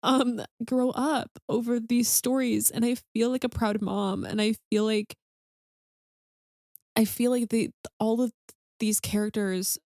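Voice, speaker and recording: A woman's voice: on the high side, darkish tone, no room sound, studio quality. A young adult woman co-hosting a casual book podcast, earnest and emotional, with many fillers and a tearful edge. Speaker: podcast co-host.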